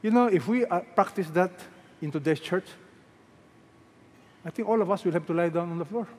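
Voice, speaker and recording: High-voiced Filipino pastor preaching. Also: male voice, fairly quick. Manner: emphatic, repeats phrases, asks the crowd rhetorical questions. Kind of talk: sermon. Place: large church hall. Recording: long reverb from a large hall.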